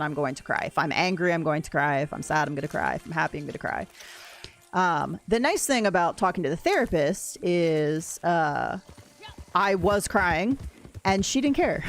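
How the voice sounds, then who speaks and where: A young adult woman streaming a game, talking in a rambling, candid, soft-spoken way. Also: fairly low pitch. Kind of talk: casual livestream chat while gaming.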